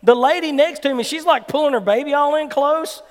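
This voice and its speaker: A man with a Southern American accent preaching a sermon as an animated storyteller. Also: extremely high pitch, brisk. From Mississippi, US South. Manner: animated storyteller who acts out quoted people. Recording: long hall reverb.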